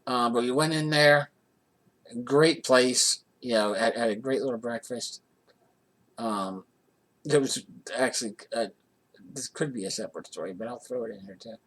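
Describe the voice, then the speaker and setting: A man's voice: medium pitch, normal speed, fairly bright tone. A man from the Johnstown area telling a casual personal anecdote in a rambling way, with many restarts. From Johnstown area, USA. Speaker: vlogger.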